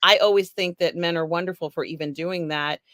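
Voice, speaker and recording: A woman's voice: fairly low pitch, steady tone, fairly quick, fairly bright tone, no echo, clean studio sound. A woman co-hosting a casual pop culture chat, frank and chatty, laughing often and talking through lots of fillers. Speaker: co-host.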